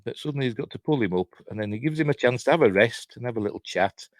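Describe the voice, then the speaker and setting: A man's voice: medium pitch, expressive, fast, no echo, studio quality. A man giving a rambling, sardonic casual film commentary, chuckling often as he walks through a movie. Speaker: film reviewer.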